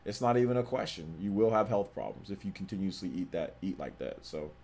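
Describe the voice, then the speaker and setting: Chatty man streaming live, lowish voice. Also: expressive, brisk, mellow, breathy edge. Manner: chatty, repeats himself, slangy. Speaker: gaming livestream host. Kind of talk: casual live-stream chat, reading donations and chat.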